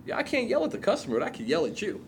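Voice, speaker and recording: Animated, swearing man telling stories. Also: sits high, very fast, a little hiss or hum. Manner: animated storyteller, swears freely. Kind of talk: casual chat.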